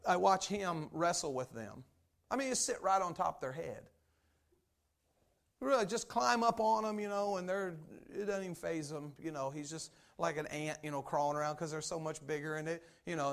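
A man delivers a sermon from the pulpit in a rambling, down-home way. His slightly raised voice has a gravelly edge. He talks animatedly, stacks up asides and fillers, and drives home his points. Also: on the high side. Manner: folksy, animated preaching with many fillers and asides. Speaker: pastor.

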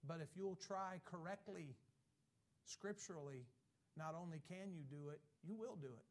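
A man's voice: a little high, normal speed. A man preaching a sermon with emphatic delivery, reading scripture and mimicking people's excuses. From has Irish ancestry. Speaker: pastor.

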